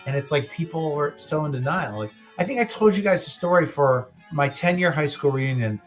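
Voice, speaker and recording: A man's voice: mid-range voice, fairly quick, hardly any pauses, over music. A man in his late thirties co-hosting a casual podcast, rambling with lots of swearing and restarts. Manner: rambling, profane, restarts a lot. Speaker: podcast co-host.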